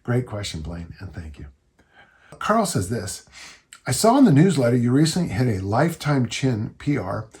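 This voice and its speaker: A man's voice: mid-range voice, sing-song, moderate pace, a little mellow. An older man hosting a podcast and answering listener questions in a rambling, folksy storytelling way. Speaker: podcast host and strength coach. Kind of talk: casual listener Q&A chat.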